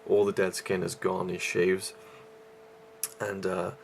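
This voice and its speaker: A man's voice: deep voice, monotone, slow, creaky, slight background noise. A man reviewing a movie in a casual vlog, out of breath and rambling with many fillers and restarts.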